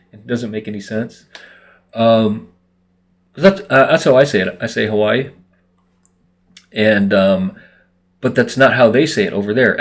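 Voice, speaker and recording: A man vlogging casually to his viewers, rambling along with lots of fillers. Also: on the low side. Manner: relaxed, rambling with many fillers. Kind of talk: casual monologue to camera.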